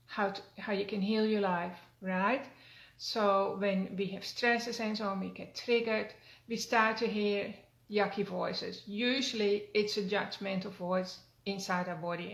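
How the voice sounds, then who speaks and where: Older woman, gravelly, flat self-help talk. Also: medium pitch. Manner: gentle, earnest, with frequent fillers and restarts. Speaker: wellness coach. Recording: roomy echo.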